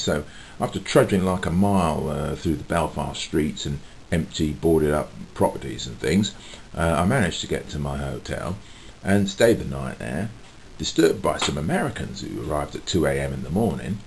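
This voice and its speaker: Rambling man with lively pitch. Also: moderate pace, gravelly, a little hiss or hum. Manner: rambling, chatty, with frequent fillers and chuckles. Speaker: vlogger and street musician. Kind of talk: casual chat to camera.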